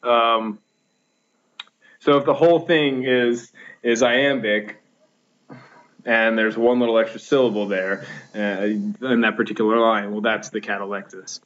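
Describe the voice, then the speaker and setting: A man teaching a recorded lesson over slides, counting out stresses slowly, with frequent fillers and restarts. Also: lowish voice, fairly even intonation, fairly bright tone, dull audio.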